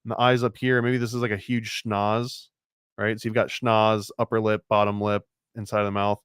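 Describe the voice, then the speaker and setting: A man's voice: fairly low pitch, level tone, moderate pace, fairly bright tone, clean tone, dry recording, studio quality. A man hosting a casual show-and-tell of picture book art, rambling and unsure, full of likes and restarts. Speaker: host.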